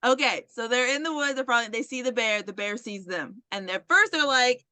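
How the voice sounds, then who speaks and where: A woman co-hosts a casual podcast, retelling scenes and quoting characters with plenty of laughter. Her voice is very high and bright. The sound is dry and close. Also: normal speed, no room sound. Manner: laughing often, lively retelling with acted-out quotes. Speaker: podcast co-host. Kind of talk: casual chat.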